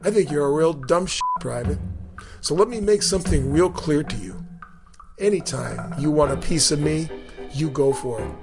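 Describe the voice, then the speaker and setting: A man's voice: fairly high pitch, moderate pace, vocal fry, music in the background. A man putting on a sneering drill sergeant. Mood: threatening. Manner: sneering, taunting, swings from shouting to hissed whispers. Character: harsh male Marine drill sergeant, menacing. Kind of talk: storytelling narration.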